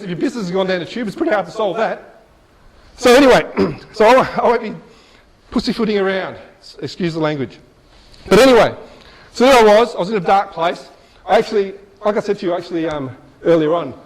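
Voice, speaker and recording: A middle-aged man giving a motivational speech, telling a personal story in a lively, chatty way with asides. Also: high-pitched, low-quality recording. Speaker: motivational speaker.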